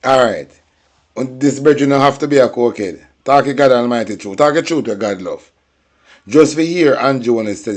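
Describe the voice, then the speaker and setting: A man's voice: mid-range voice, fairly quick, a little mellow. A man with a Jamaican accent hosting a political commentary show, ranting in heated, profane patois-laced talk.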